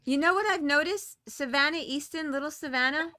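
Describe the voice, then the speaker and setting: A woman guest panelist talking through ideas in an animated way, with many restarts. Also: high-pitched, brisk, no echo, clean studio sound. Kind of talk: panel discussion.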